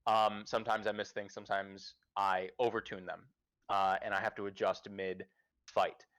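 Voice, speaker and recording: A man's voice: lowish voice, level tone, moderate pace, fairly bright tone, clear, resonant tone. Laid-back man swearing casually. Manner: casual, profane, emphatic advice-giving. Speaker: podcast host and dungeon master. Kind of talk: casual livestream chat.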